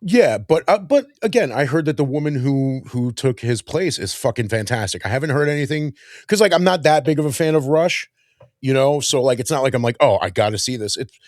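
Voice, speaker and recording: A man co-hosting a podcast in casual chat, jokey and quick to laugh. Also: medium pitch, no room sound, studio quality. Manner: animated, laughs often, jokey. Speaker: podcast co-host.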